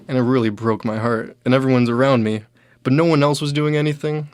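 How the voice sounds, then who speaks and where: Young male comic host, mid pitch, dry close sound, rambling anecdotes with many fillers. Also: steady tone, brisk, clear, resonant tone, dry recording. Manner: rambling, filler-heavy, quoting others in raised voices. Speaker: comedian host. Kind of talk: casual storytelling monologue.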